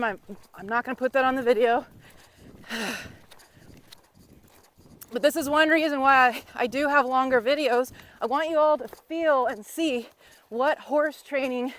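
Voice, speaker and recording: A woman's voice: high voice, moderate pace, pauses often, a bit bright. Woman coaching riders from horseback. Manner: encouraging, teasing, coaching outdoors. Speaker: riding instructor. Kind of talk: riding lesson talk while on horseback. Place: outdoor riding arena in cold wind.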